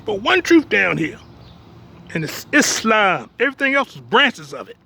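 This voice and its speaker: High, gravelly preaching man. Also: big pitch swings, normal speed, bright, forceful tone. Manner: emphatic, repeats "you understand me?"; blunt, streetwise, jokes between points. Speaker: religious teacher. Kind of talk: preaching talk.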